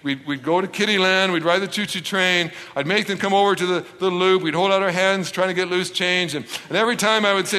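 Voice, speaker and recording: A middle-aged preacher from Canada tells a story from the pulpit, voice high and bright for a man. He acts out every exchange with playful, self-mocking humor. His words ring out with a long reverb through a large hall. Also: a little fast, hardly any pauses. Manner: animated, acts out dialogue with self-deprecating humor. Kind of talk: storytelling sermon.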